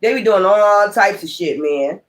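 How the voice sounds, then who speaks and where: High-voiced man ranting about spiritual attacks. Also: unhurried, fairly bright tone. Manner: rambling, profane and emphatic. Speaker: tarot reader. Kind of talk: casual spiritual vlog monologue.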